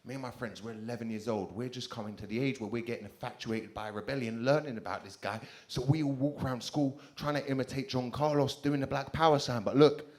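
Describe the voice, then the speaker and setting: A man's voice: mid-range voice, fairly even intonation, fast talker, hardly any pauses, darkish tone. A young man with a South London accent performing a stand-up comedy set, swearing freely and mocking himself in a punchy delivery on a club stage. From England.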